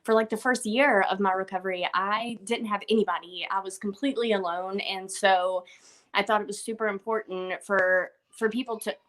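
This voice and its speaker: A woman's voice: medium pitch, steady tone, normal speed, a bit bright. Earnest young woman giving a tearful tribute. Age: young adult. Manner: earnest, repeats words, chokes up. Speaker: guest speaker. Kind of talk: emotional tribute speech.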